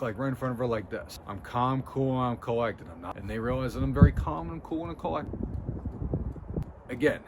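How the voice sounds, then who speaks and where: Facing the camera, a male body language video host gives viewers casual coaching that is blunt, emphatic and intense. He speaks at a medium pitch with background noise in the recording.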